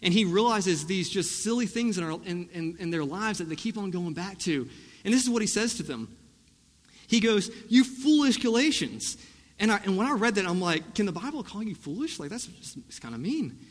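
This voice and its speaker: A young man preaching a sermon in a conversational, animated way, often restarting his sentences. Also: high-pitched, brisk. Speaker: pastor. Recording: echoey hall.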